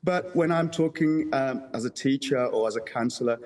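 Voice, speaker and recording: A man, a councillor, being interviewed on television, who speaks in a measured way, pronouncing every word carefully, with hesitant fillers. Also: mid-range voice, darkish tone. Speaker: councillor guest.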